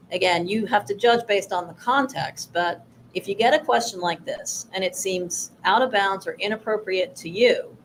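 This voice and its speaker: A woman co-hosting a workshop on pitching investors, talking in a measured, advisory way with frequent fillers. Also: slight background noise, low-quality recording. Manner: measured, advisory, with many "you know" fillers. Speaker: workshop co-host.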